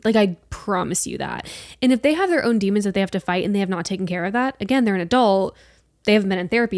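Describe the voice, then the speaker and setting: A woman's voice: mid-range voice, no room sound, studio quality. A young adult woman hosting a solo podcast, talking bluntly and emphatically and swearing freely. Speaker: podcast host.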